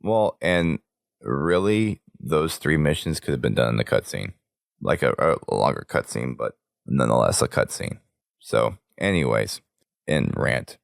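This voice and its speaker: A sick, hoarse man hosting a podcast, rambling casually through news and sign-off plugs. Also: extremely low pitch, animated, a little slow, dry recording, clean studio sound. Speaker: podcast host.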